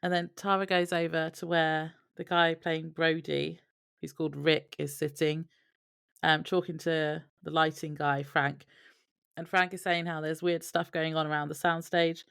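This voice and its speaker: A woman co-hosting a podcast, recapping scenes in a steady, matter-of-fact way with light laughs. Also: deep voice, measured pace, vocal fry, clear, resonant tone, no room sound, studio quality. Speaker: podcast co-host. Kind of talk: casual recap chat.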